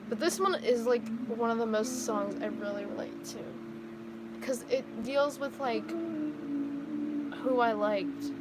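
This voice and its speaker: A teenage girl streaming, chatting in a rambling, emotional way with lots of "like.". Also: on the high side. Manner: rambling, emotional, heavy use of "like". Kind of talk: casual livestream chat. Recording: loud background noise, passing vehicles.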